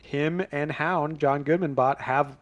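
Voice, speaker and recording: A man's voice: fairly high pitch, steady tone, takes it slowly. A man co-hosting a podcast in casual chat, rambling with plenty of fillers. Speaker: podcast co-host.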